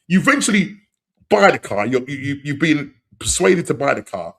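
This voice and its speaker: A man hosting a football podcast, talking in animated, slang-heavy banter and laughing often. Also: a little high, normal speed, creaky. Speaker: podcast host.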